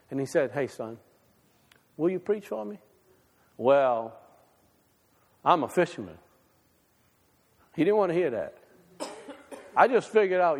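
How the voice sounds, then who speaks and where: A man preaching a sermon to his congregation, folksy and conversational, swinging between loud and quiet. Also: sits high, slightly rough, long reverb tail. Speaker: pastor. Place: church sanctuary.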